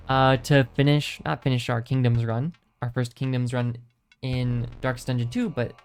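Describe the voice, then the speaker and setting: A man's voice: medium pitch, clear, resonant tone. A man streaming a video game, chatting casually and thinking aloud, with many ums and restarts as he rambles. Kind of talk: casual gameplay commentary.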